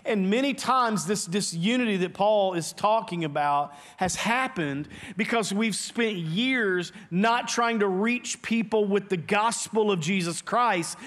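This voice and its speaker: High-pitched guy preaching in church, earnest, keeps repeating words as he pushes his point. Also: a bit bright. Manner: earnest, emphatic preaching with quick repeated restarts. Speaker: pastor. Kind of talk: sermon. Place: church sanctuary.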